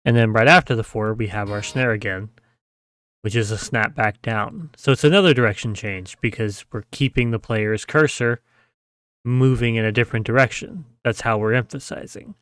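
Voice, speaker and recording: A man's voice: on the low side, moderate pace, fairly bright tone, clean tone, no echo. A man giving a casual screen-share tutorial, explaining step by step, often checking with "right?" and humming the sounds he describes. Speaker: mapping tutor.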